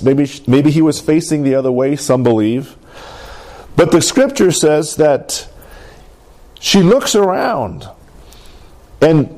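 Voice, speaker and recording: A man preaching a sermon, talking through a scripture story and asking the congregation questions. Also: a little high. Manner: expressive, asks the congregation questions. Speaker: pastor.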